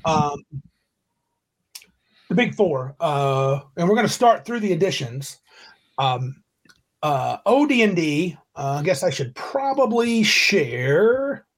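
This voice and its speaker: A man's voice: on the high side, sing-song, slow, long pauses. A man hosting a casual tabletop game podcast over a video call, rambling and correcting himself as he reads rules aloud. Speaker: podcast host.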